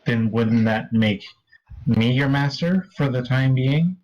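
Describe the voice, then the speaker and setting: A man narrating as game master in a tabletop role-playing game, with slow, measured delivery. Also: mid-range voice, a little mellow, lo-fi sound.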